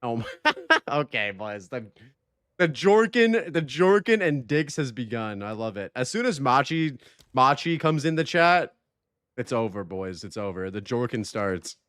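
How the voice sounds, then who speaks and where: A man streaming a game live, chatting casually, reading chat aloud and swearing freely in loose, excitable talk. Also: medium pitch, a little slow, clear, resonant tone, dry recording.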